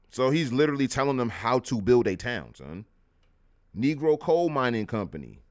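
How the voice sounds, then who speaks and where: A man hosting a live history show, talking in a casual, animated way with slangy asides. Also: mid-range voice. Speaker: host.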